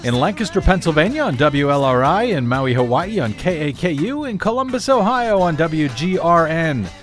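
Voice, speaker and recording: A man's voice: on the high side, sing-song, moderate pace, soft background music. A man hosting a talk radio show, wry and self-deprecating, stumbling over fillers as he talks. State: a little out of breath. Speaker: radio host. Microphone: studio microphone.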